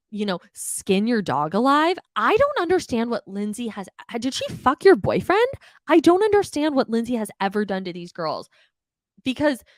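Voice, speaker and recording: A young adult woman hosting a podcast, recapping reality TV in a casual, animated, exasperated way, swearing freely and mimicking the people she talks about. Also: a little high, dry recording, studio quality.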